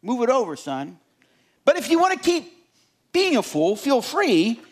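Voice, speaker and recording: Pastor doing god as a gentle dad, low and soft, patiently calling out a hothead driver, voice still swings around. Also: male voice, wildly swooping pitch, unhurried, full character voice. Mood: gently scolding. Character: calm fatherly God speaking to a driver.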